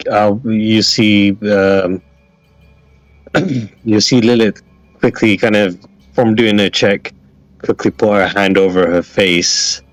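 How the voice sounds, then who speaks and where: A man playing a tabletop game, describing his moves slowly and hesitantly. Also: low voice, no echo, poor audio. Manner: slow, hesitant. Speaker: player.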